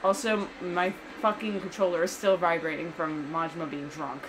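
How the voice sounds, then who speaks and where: A woman's voice: lowish voice, level tone, moderate pace, background noise. A young woman hosting a let's play, giving profane, outspoken gameplay commentary.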